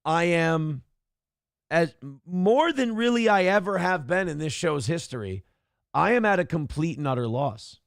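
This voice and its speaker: A man's voice: on the high side, expressive, unhurried, vocal fry, dry recording, studio quality. A man hosting a live-stream talk show, ranting in a profane, exasperated, rambling way.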